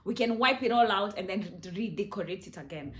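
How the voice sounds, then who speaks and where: Young woman, kenyan accent, casual storytime vlog, chatty and lively. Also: medium pitch, fairly quick. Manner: chatty, animated, mixes in Swahili. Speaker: vlogger.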